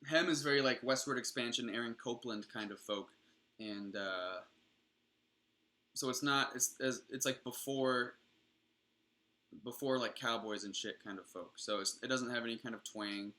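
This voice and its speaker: A man's voice: mid-range voice, moderate pace, pushed and bright. A young adult man streaming, rambling casually and enthusiastically with frequent swearing.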